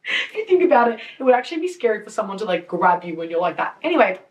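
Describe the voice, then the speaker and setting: A woman in her twenties hosting a podcast, telling a story casually in an animated way with frequent laughs and swearing. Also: mid-range voice, racing, far from the mic. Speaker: podcast host. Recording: voice a bit off-mic.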